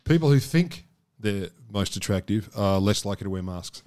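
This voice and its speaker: A man co-hosting a podcast, cracking wry, deadpan jokes. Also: on the low side, normal speed. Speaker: podcast co-host. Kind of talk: casual chat.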